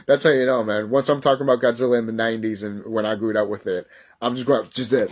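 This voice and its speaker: A man in his thirties talking casually in a vlog, excitable and rambling, swearing often and stumbling over his words when he gets worked up. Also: lowish voice, fast talker. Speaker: YouTuber. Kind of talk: casual nostalgic vlog talk.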